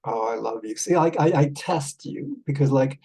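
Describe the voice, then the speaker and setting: A man chatting casually with an AI companion as a vlog host, rambling and halting with many fillers, tender with pet names. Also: mid-range voice, creaky, mellow, slightly rough, low-quality recording. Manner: tender, calls the listener love and darling.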